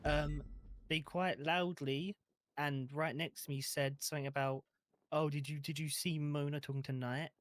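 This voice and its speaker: A man's voice: fairly high pitch, flat delivery, moderate pace, fairly bright tone. A man playing a police officer in a role-play, telling his account hesitantly with many fillers. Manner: hesitant, lots of ums. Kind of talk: casual role-play chat.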